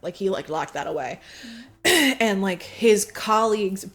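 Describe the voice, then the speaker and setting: Animated woman recapping a movie. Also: medium pitch, measured pace. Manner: animated retelling with quoted voices and laughs. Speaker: podcast co-host. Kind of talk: casual movie recap chat.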